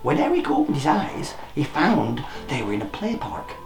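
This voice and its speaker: A storyteller reading a children's picture book aloud, playful and expressive, with sound effects. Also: mid-range voice, normal speed, creaky. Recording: roomy echo, faint music.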